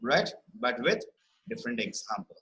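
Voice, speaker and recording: A man teaching a spelling lesson online, explaining rules patiently and often checking in with "right?" and repeating key words slowly. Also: medium pitch, very animated, bright, forceful tone, rough recording. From India.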